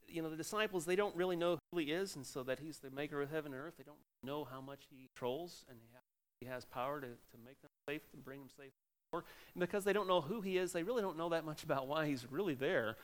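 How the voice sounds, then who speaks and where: A middle-aged man, a pastor, giving a sermon in an animated preaching manner with sudden loud exclamations. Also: on the high side, fast.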